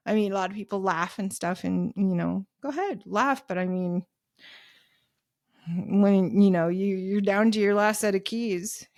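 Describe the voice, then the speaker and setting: Her pitch sits in the middle with a darkish tone, captured in clean studio sound without room ambience. Guesting on a podcast, she shares casual stories full of quoted dialogue and "you know"s, laughing as she goes.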